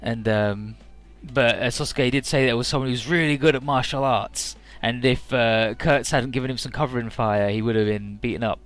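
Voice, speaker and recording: A man casually recapping a game's story as a let's-play commentator, full of fillers and swearing, often jumping into quick mock voices for the characters. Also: medium pitch, fairly even intonation, a bit bright, faint music behind.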